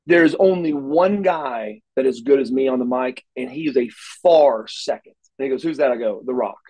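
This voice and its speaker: A man's voice: medium pitch, normal speed, a little mellow, low-quality recording. A middle-aged man, an interview guest, telling stories casually and animatedly, acting out the dialogue with frequent restarts. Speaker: interview guest, former wrestler.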